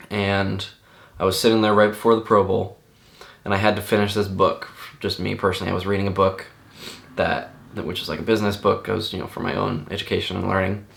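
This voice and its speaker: A young man with a very low voice and a gravelly fry tells a personal memory off the cuff. He talks in an earnest, halting way, often stopping and restarting his sentences. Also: fairly bright tone. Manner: halting, many restarts and fillers; stunned, earnest. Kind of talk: personal recollection, unscripted.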